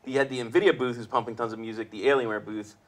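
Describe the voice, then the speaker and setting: A man's voice: mid-range voice, fairly even intonation, quick pace. Laughing, jokey man hosting a livestream. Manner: jokey, laughs often between remarks. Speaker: host of a weekly live show. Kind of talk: casual livestream chat.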